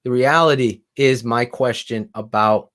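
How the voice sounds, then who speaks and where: A man co-hosting a casual sports talk stream, excitable and profane, his voice climbing as he gets heated. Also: mid-range voice, measured pace. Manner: excitable, swearing, voice rising when heated. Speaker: co-host.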